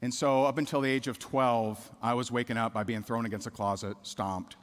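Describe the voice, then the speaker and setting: A man's voice: mid-range voice, steady tone, fairly quick. A middle-aged man giving a motivational speech, telling a personal story with candid repetition and asking the audience questions. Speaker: keynote speaker. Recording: reverberant hall.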